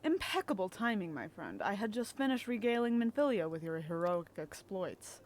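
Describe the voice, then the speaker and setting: A woman reading the lines of a suave, roguish male spy in her own mid-pitched voice, with light flair. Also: sing-song, moderate pace, a little hiss or hum, lightly acted. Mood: wry. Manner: reading game dialogue aloud with light flair.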